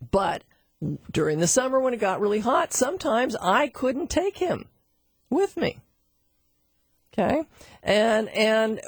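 A middle-aged woman teaching animal communication through a chatty, animated personal story, with frequent asides to her listener. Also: medium pitch, breathy edge, no room sound, clean studio sound. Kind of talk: storytelling lesson.

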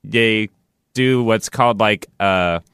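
A man in a casual chat who explains things in a steady, detailed way. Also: on the low side, slow, clear, resonant tone, no echo, clean studio sound. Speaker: guest.

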